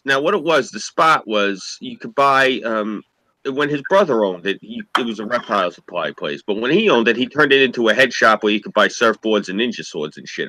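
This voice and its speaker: Bright, lively-voiced man. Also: mid-range voice, no echo, rough recording. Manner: rambling, anecdotal storytelling. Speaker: podcast co-host. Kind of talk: casual chat.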